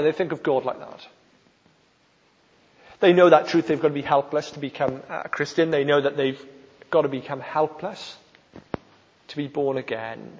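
Preaching a sermon, this South Wales man with a Welsh accent puts emphatic stress on key phrases. His voice is a little high, a little mellow and husky, and the recording sounds dull with a long hall reverb.

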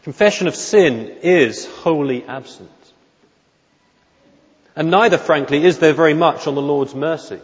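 A man preaching an expository sermon in church, measured and emphatic, often asking rhetorical questions. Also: a little high, animated. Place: church during a worship service. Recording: dull lo-fi recording with long hall reverb.

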